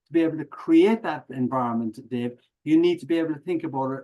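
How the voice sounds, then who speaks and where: A middle-aged Irish man, a professional speaker, telling stories as a podcast guest in a lively, joking way. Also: a little high, fast, hardly any pauses, low-quality recording. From Ireland. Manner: animated, jokey, acts out audience reactions. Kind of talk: conversational interview, storytelling.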